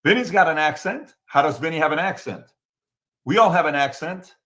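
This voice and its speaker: A man's voice: a little high, expressive, brisk, pushed and bright. A man from the Middle East with a Middle Eastern accent, hosting a casual political talk show and repeating his points emphatically. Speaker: show host.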